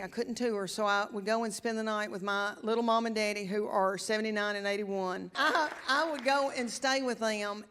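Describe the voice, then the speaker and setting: A middle-aged woman with a drawl tells homey, self-deprecating stories from a big stage, her voice sitting a touch high. The room gives a long, live reverb with a faint hum of ambience behind her. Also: a bit bright. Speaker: stand-up comedian. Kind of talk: stand-up comedy set. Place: large theater stage with audience.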